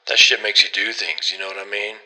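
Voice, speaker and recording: A man's voice: lowish voice, steady tone, brisk, bright, forceful tone, in a large hall, low-quality recording. A man voicing a scared young male thief who pleads in a shaky voice. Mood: pleading.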